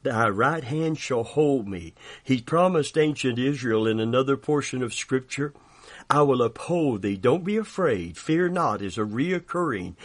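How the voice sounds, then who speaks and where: A man delivers a sermon at a slow, unhurried pace, with a mid-range voice. He speaks earnestly and declares his points, stretching out key phrases for emphasis. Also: mid-range voice. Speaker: preacher.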